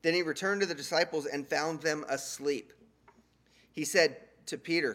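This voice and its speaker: A man preaching a sermon, retelling scripture in a conversational, animated way with casual slang. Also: a little high, moderate pace.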